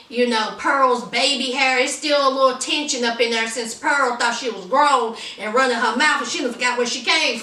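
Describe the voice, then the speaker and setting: Sassy high-voiced woman recapping a show. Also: roomy sound, distant mic. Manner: animated, sassy storytelling full of asides. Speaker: TV episode reviewer. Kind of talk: casual chatty recap.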